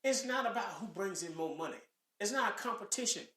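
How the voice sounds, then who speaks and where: A man co-hosting a casual podcast with a Southern US accent, ranting in an animated, preachy way. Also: sits high, a little fast. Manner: animated, preachy rants with mock voices. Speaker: podcast co-host. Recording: echoey room.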